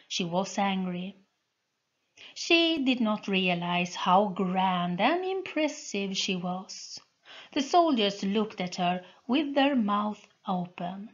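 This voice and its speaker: A woman narrates a fantasy novel chapter by chapter, reading slowly and with care. Her voice sits in a middling pitch and never hurries. The recording sounds dull and lo-fi. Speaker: audiobook reader. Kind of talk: storybook reading.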